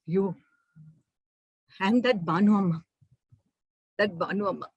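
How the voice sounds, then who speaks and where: A woman with an Indian English accent voicing a tired, gentle working mother in a storytelling performance. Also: medium pitch, measured pace, slightly rough, dry recording, dull audio, voice pushed down. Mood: soft, earnest.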